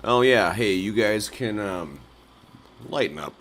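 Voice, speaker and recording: A man's voice: on the low side, expressive, measured pace, fairly bright tone, a little hiss or hum. A man hosting a nightly call-in livestream, rambling through absurd jokes and laughing at his own bits. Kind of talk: rambling absurdist live-stream chat.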